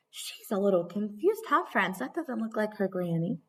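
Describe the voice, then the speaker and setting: A woman teacher in her thirties reading a storybook aloud to young children, animated, gasping, calling them friends. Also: mid-range voice, normal speed, few pauses, far from the mic.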